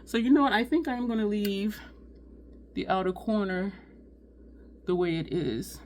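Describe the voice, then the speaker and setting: A beauty vlogger chats casually through a makeup tutorial at home, sweating and overheated as she addresses her viewers as "y'all." Her mid-range voice has a darkish tone, lively intonation, and a measured pace, with slight background noise.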